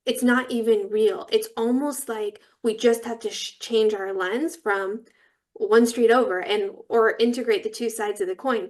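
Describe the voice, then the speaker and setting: A woman's voice: mid-range voice, darkish tone. A woman guest talking earnestly in a podcast interview, telling flowing reflective stories about her work and spirituality.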